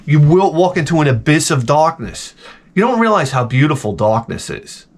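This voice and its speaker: He's a video host with a fairly high, very animated voice at normal speed. Telling stories in a casual, profane, exasperated rant, he leaps into exaggerated voices in short bursts.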